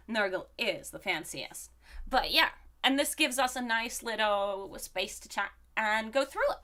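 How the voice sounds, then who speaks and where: A woman's voice: mid-range voice, unhurried, bright, forceful tone. A woman streamer who is sick, chatting casually on a live stream and greeting viewers one by one in a bouncy way. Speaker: game streamer.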